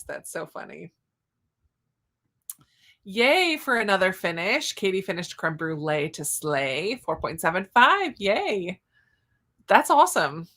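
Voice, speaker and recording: Slow-talking giggly Southern woman. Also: lowish voice, sharp tone. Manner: giggly, chatty, with frequent exclamations. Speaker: livestream host. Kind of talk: casual livestream chat, reading out viewer comments.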